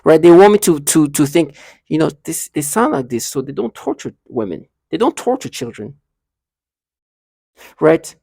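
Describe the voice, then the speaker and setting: A man talking to camera in a rambling, halting monologue, restarting and repeating himself often. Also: on the high side, sing-song, vocal fry, dark tone, slightly rough, no room sound, studio quality. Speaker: vlogger.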